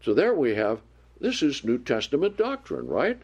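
A man teaching a Bible sermon, reading scripture aloud with slow emphasis and putting questions to his listeners. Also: medium pitch, wildly swooping pitch, a little mellow, breathy edge, muffled recording. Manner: asks the listeners questions and answers them. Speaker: preacher.

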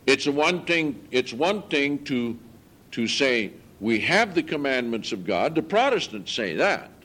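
Male preacher, mid-pitched voice, earnest and emphatic sermon delivery with deliberate scripture reading. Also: big pitch swings, fairly bright tone. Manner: earnest, emphatic, rising in pitch on key points.

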